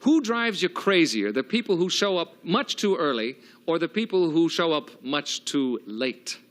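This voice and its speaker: A man's voice: fairly high pitch, very animated, a little slow, fairly bright tone. A man hosting a television game show, joking with contestants and chuckling often, on a hissy old broadcast tape. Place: TV studio.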